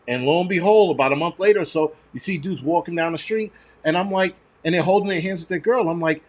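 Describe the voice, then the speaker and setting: A man's voice: sits high, fast. A man, ranting and swearing loosely on a casual livestream. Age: 40s. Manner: profane, ranting, mocking. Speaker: livestream host.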